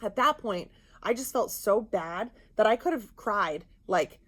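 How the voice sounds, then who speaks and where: A woman co-hosting a podcast, telling a story in casual chat, animated and indignant. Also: medium pitch, unhurried. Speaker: podcast co-host.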